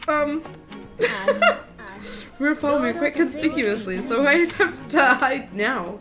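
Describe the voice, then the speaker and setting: A woman's voice: high-pitched, very animated, takes it slowly, over music, exaggerated voice. A woman voicing a timid, panicky young recluse who stammers out apologies. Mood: frightened.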